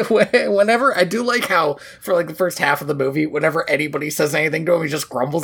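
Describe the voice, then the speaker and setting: A woman with a lowish, slightly rough voice talks at a normal speed while co-hosting a casual podcast. She recaps a movie with laughter and joking asides, staying animated, swearing, and quoting lines in funny voices.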